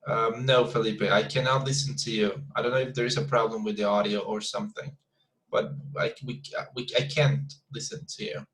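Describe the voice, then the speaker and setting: A man's voice: lowish voice, fairly even intonation, normal speed, fairly bright tone, low-quality recording. Hesitant man teaching an online English class. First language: Spanish. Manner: hesitant, many repeated words and fillers. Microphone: video call.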